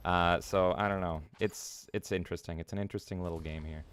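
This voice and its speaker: A man's voice: sits low, fairly even intonation, fast, fairly bright tone, slight background noise. A man streaming a video game, giving rambling, casual commentary with frequent swearing and jokes. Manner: rambling, swears freely, jokey.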